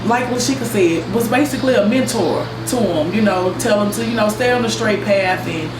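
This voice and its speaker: A woman giving an unhurried, heartfelt memorial tribute to a coworker. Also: mid-range voice, background noise. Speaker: UPS coworker. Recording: roomy echo with music behind.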